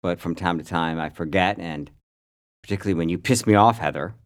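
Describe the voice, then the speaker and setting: Wry low-voiced man from upstate New York. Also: brisk. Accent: upstate New York, softened. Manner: wry, rambling, mock-grumpy. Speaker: podcast co-host. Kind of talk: casual podcast chat.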